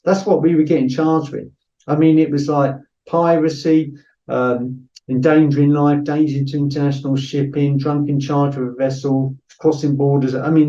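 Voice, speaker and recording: A man's voice: fairly high pitch, dark tone, lo-fi sound. Man telling a war story. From Britain. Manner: anecdotal, acts out quoted voices, frequent fillers. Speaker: podcast guest, former soldier. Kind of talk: casual storytelling.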